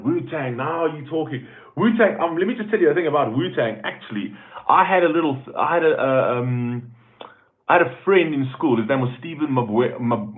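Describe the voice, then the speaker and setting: A man with a South African accent hosting a casual live stream, chatting loosely and greeting viewers by name as he reads their comments. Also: mid-range voice. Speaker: YouTube host reading live chat. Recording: tinny phone-like audio.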